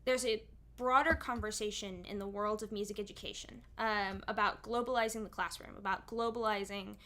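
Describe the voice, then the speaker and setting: A woman's voice: fairly high pitch, bright, forceful tone. A young woman, a singer and streamer, chatting casually on stream and explaining at length with many asides.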